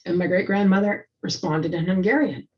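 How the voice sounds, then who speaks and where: Middle-aged woman, lowish voice, chatty storyteller, muffled lo-fi recording. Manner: chatty, halting with restarts. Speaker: presenter. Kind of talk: casual storytelling in discussion. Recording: dull lo-fi sound.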